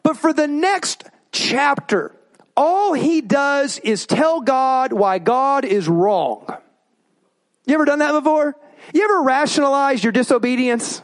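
A man preaching a sermon as pastor, animated, acting out quoted voices as he goes. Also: moderate pace. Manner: animated, acts out quoted voices with rising pitch.

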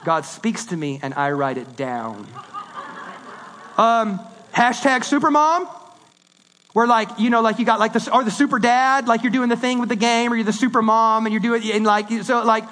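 A man preaching a sermon in a conversational, animated way, swinging between loud and hushed delivery. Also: extremely high pitch, moderate pace. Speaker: pastor.

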